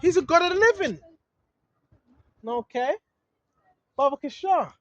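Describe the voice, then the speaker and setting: A high-pitched street preacher talks straight into a camera outdoors, reading verses and breaking off into blunt, slangy scolding. The delivery is fervent and insistent. The sound is dry and close, with no room around it. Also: expressive, unhurried, fairly bright tone, dry recording, dull audio. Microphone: handheld camera filming.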